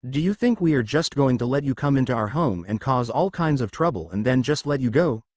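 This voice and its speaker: A man's voice: mid-range voice, animated, brisk, a little mellow, no echo, clean studio sound, natural voice. A man voicing a cruel, bullying middle-aged uncle in a storybook reading, with a growling, threatening delivery. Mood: stern.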